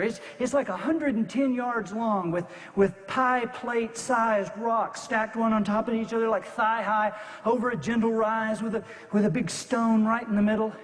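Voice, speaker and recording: A man's voice: high-pitched, in a large hall. A man giving a dramatic storytelling speech who builds tension and repeats words for emphasis.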